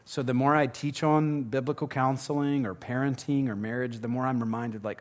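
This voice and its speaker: A man's voice: mid-range voice, moderate pace. A man in his thirties giving a casual, earnest parenting seminar to a live audience, joking now and then. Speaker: pastor teaching a parenting seminar.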